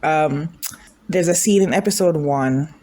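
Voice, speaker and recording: A woman's voice: low-pitched, measured pace, darkish tone. A woman chatting casually as she reacts to a drama, thinking aloud, gushing, and asking her viewers questions. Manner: emotional, gushing.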